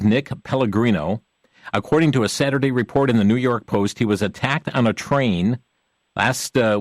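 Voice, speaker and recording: A man hosting a Christian talk show, folksy and conversational, addressing the viewers as friends, with halting fillers. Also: mid-range voice, no echo.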